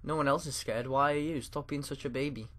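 A man voicing a taunting teenage older brother bully in a flat, mocking read. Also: medium pitch, brisk, natural voice.

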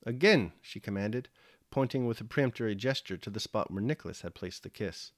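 A man reading a classic novel aloud, calm and measured in his narration. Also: lowish voice, no echo, clean studio sound. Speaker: audiobook reader. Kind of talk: scripted literary narration.

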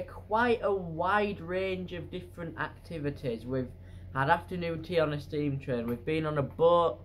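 A man's voice: on the high side, slight background noise. Chatty rambling man vlogging from a hotel room. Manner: chatty and rambling, with many fillers and asides. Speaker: travel vlogger. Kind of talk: casual vlog chat to camera.

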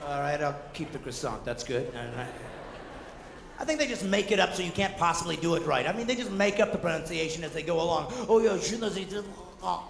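A man doing a high-energy stand-up comedy routine, ranting and jumping into shouted asides and mock voices. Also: lively intonation, fast talker, gravelly. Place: theater stage before a live audience. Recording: echoey hall, noisy 1990s concert recording.

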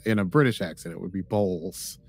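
A man's voice: lowish voice, very animated, normal speed, dry recording. A man co-hosting a podcast in casual, jokey, enthusiastic chat. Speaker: podcast co-host.

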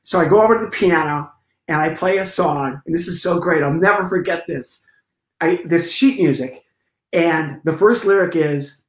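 A middle-aged comedian, a man, telling stories as an interview guest. He is lively and acts out scenes and sound effects as he goes. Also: fairly high pitch, moderate pace. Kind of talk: storytelling in a conversation. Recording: roomy echo.

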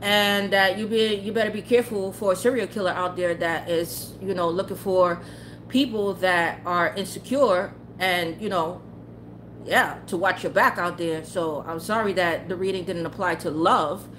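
A woman doing tarot readings on stream rants to her chat in blunt, heated, profane casual talk, laughing frequently. Her lowish voice holds a steady, fairly bright tone at normal speed, with a little hiss or hum audible.

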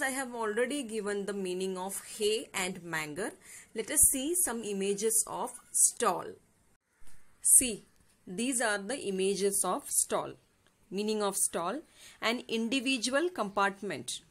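A woman's voice: medium pitch, a bit bright. A woman teacher with an Indian English accent, reading a fable aloud and patiently explaining each word to her students. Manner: patient, explains words slowly, asks "yes or no?". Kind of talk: classroom story explanation lesson.

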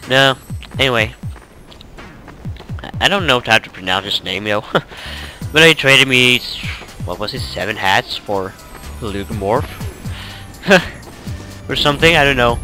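A man's voice: medium pitch, bright, forceful tone. Tired guy rambling over gameplay. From Norway. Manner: rambling, self-correcting, chuckling. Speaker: let's play gamer. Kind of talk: casual gameplay commentary.

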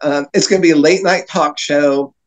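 A man's voice: a little high, fairly even intonation, normal speed, poor audio. A man telling long rambling anecdotes as a podcast guest, with frequent fillers and laughter. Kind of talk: storytelling in casual chat.

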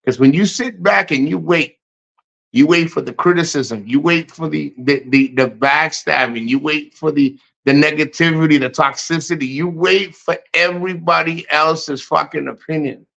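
A man's voice: fairly high pitch, normal speed, vocal fry, fairly bright tone. A man hosting a casual livestream, reading chat and giving blunt, profane motivational rants. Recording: muffled lo-fi stream audio.

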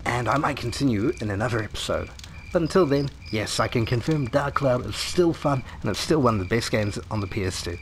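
A man giving casual commentary on a video game playthrough in a relaxed, chatty way. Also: mid-range voice, fairly quick, slight background noise. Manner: relaxed and chatty, reads game text aloud. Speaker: game streamer. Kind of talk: casual let's-play commentary.

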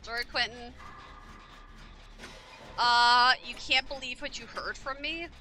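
A woman's voice: fairly high pitch, slow pace, bright, forceful tone. A woman streaming a horror game, casually commenting, irritable and swearing a lot as she talks to herself and her chat. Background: game music.

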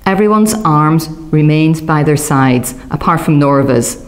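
A woman reading a novel aloud, giving the characters lively raised voices. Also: low voice, measured pace. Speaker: audiobook narrator. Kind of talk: audiobook reading.

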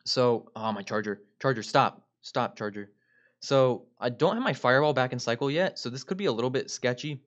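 A man's voice: medium pitch, a little fast, highs cut off. A man giving upbeat play-by-play commentary on his own gameplay as a video creator, often turning to address his viewers directly.

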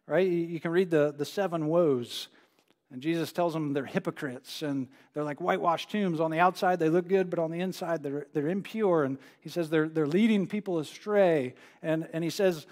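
A man's voice: high-pitched, moderate pace, darkish tone. A male pastor preaching a sermon in a conversational way, repeating phrases for emphasis. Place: church sanctuary. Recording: live church broadcast with long hall reverb.

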